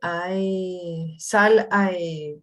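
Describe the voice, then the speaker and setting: A woman with a Spanish accent, a student reading haltingly and searching for words. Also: fairly low pitch, steady tone, a bit bright.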